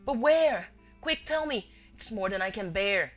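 A woman voicing an agitated older man, a father who stammers and shouts. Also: on the low side, expressive, moderate pace, soft background music. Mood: frantic.

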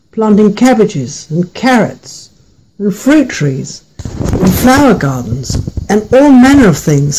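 Give me a man telling a folk tale gently, high voice and warm tone. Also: low-quality recording. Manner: gentle, unhurried and playful. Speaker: storyteller.

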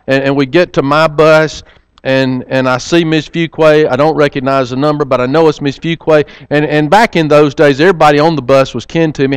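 Earnest preacher telling a story. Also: male voice, fairly high pitch, smooth, no echo. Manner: earnest storytelling, repeats words as he restarts. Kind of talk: sermon with personal storytelling.

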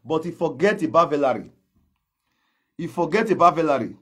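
Fairly high-pitched and husky, with a fairly bright tone, this man delivers an expressive, brisk rant in Nigerian Pidgin English. The clip is heated social media gossip commentary in which he calls someone out and confronts them directly.

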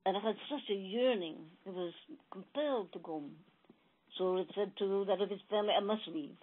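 A woman tells a spiritual parable in a gentle, emphatic, repetitive way. Her voice is husky and breathy, at an average pitch for a woman. The recording is narrow and tinny, like a phone line. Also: a little fast. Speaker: spiritual channeler. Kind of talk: spiritual storytelling.

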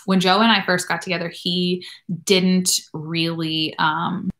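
A woman's voice: on the low side, level tone, measured pace, a bit bright. A woman in her thirties hosting a live question-and-answer stream as a nurse practitioner, talking in a rambling, chatty way with lots of fillers. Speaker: nurse practitioner and channel host.

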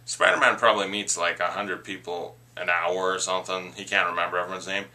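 A man's voice: sits low, flat delivery, a little fast, sharp tone. A man reviewing movie trailers in a casual, rambling, opinionated rant.

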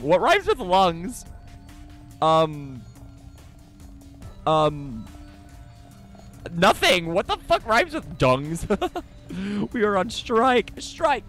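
A man streaming a video game live in casual chat, excitable and profane, laughing and greeting viewers loudly. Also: a little high. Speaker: livestreaming gamer.

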